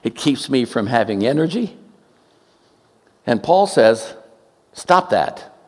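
A man in his seventies delivers a sermon, his voice rising and falling in lively swings as he tells funny stories. His pitch sits in a middle range, and he breaks into quick, joking asides. His voice carries through the long reverb of a large hall. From Oakland, California, US. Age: 70s. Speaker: preacher.

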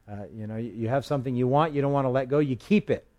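A male pastor teaching through the Psalms in a relaxed, conversational way, reading verses aloud with emphasis and slipping in light humor. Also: mid-range voice, quick pace. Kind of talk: expository Bible teaching.

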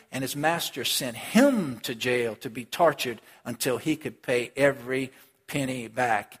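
With an unhurried, slightly rough mid-range voice, a pastor preaches in a church where the sound echoes with long hall reverb. He addresses the congregation directly and brings a story's characters to life with animated voices.

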